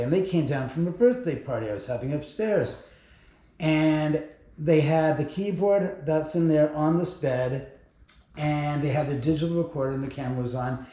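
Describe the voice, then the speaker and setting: Man with a slightly high voice, house owner telling ghost stories, loose and profane, very echoey room. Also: dark tone. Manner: rambling, profane, chuckling between stories. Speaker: house owner giving a haunted tour. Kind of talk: casual storytelling. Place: bedroom of a large house.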